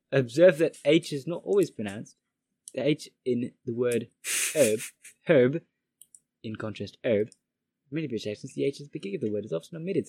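A man's voice: medium pitch, creaky, a little mellow, breathy edge. Man stumbling through a guide aloud. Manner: stumbling, halting reading with restarts. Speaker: friend reading a pronunciation guide aloud. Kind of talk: casual reading aloud among friends.

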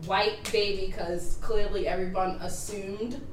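A woman's voice: mid-range voice, measured pace. A middle-aged woman, a mother, chatting as a guest on a podcast, telling stories bluntly and swearing freely. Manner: blunt, expressive storyteller who swears freely. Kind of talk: casual chat. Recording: echoey room, distant from the mic, noisy.

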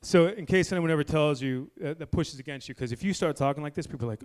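Blunt, fiery man preaching. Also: fast. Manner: blunt, swings between low intensity and loud exhortation. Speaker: preacher at a men's meeting. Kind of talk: fiery sermon. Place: indoor room with a gathered group.

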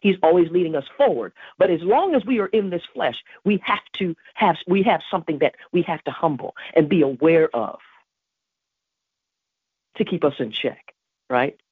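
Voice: mid-range voice, lively intonation, normal speed, breathy edge, dry recording. A podcast host giving an emphatic devotional teaching on prayer, repeating key phrases. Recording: tinny phone-like dry recording.

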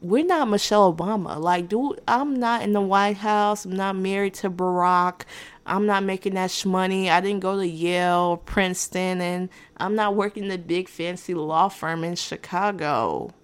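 A woman's voice: mid-range voice, moderate pace, clean tone. A woman hosting a podcast, telling a rambling story time in a dry, sarcastic and unbothered way. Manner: rambling with restarts and asides. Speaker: podcast host. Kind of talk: casual storytime monologue.

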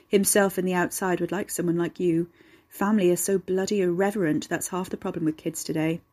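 A gruff monster bloke, gleeful and mocking, voice a touch raised and pushed, low and husky underneath, as a woman reader puts him on for a storybook. a nasty creature enjoying his cruelty. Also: steady tone, a little fast, darkish tone, lightly acted. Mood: gloating menace. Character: menacing tendrilled creature man, gleeful and crude.

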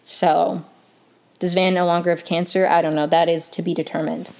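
Chatty woman with a lowish voice. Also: little pitch movement, normal speed, creaky, darkish tone. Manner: chatty, many fillers like "um" and "like". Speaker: TV recap vlogger. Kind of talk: casual episode recap.

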